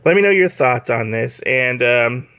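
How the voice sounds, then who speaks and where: A man's voice: medium pitch, animated, measured pace, sharp tone, no room sound. A man giving a casual, rambling video review, gushing with enthusiasm and filling his talk with "like" and "um". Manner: rambling, heavy use of "like" and "um". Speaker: manga reviewer.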